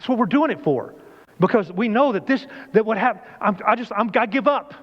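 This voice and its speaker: A man's voice: high-pitched, animated, brisk. A man preaching a conversational sermon in a church, often asking the congregation questions. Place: church sanctuary. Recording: dull lo-fi church recording with long reverb.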